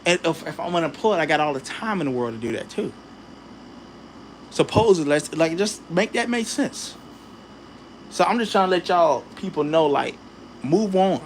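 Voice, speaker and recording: A man's voice: a little high, normal speed, long pauses, a little hiss or hum. A man ranting in a casual vlog, talking straight to his viewers with slang and heat. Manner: animated, heated, addresses viewers directly with slang. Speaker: channel host.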